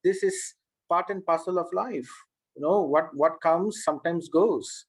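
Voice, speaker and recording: A man reading a gently consoling old sage. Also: fairly high pitch, a little slow, slightly rough. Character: consoling elderly male sage.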